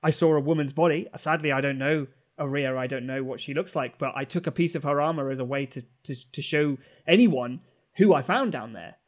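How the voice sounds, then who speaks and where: Man, tabletop player, somewhat high voice, earnest, in character. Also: fairly quick. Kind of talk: playing a character in a tabletop game.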